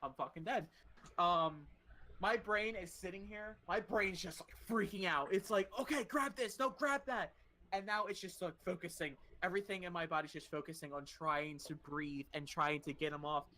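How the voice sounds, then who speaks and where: A young adult podcast host casually telling a long personal story, animated and swearing freely. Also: mid-range voice, normal speed, a little hiss or hum.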